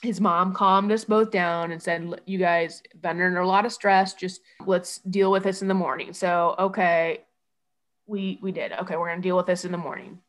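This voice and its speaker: A woman telling a painful personal story in an interview. She talks in halting bursts, with many restarts and quoted speech, and she sounds shaken. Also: on the low side, level tone. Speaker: guest telling her story. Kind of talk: emotional personal account.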